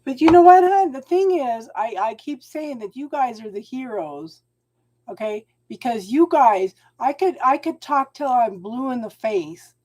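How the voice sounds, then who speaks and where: A middle-aged woman streaming a live tarot reading, speaking with a mellow, soft-edged voice pitched a bit high. She encourages her viewers gently and keeps calling them hon. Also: animated, measured pace. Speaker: tarot reader and channel host.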